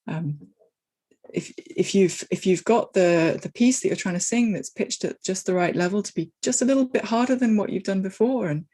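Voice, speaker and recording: A woman speaking as an interview guest about coaching software teams, thoughtful and given to restarts as she works through her ideas. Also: medium pitch, moderate pace. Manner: thoughtful, talks in restarts and hedges. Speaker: guest, technical agile coach. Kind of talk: casual interview conversation.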